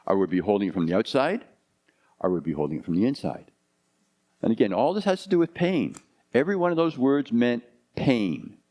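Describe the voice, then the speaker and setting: A low-pitched man in his fifties preaches to his congregation. He talks in a loose, conversational way, turning his points into rhetorical questions. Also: darkish tone. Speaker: pastor. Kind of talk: sermon.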